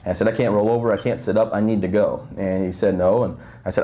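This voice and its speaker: A young guest speaker gives a motivational talk in a breakfast event hall, telling his story rapidly in a lower-sitting, mellow voice with fairly even intonation. His delivery is joking and conversational, full of "you know" and "um." He holds the handheld mic close, so his nose breathing is audible.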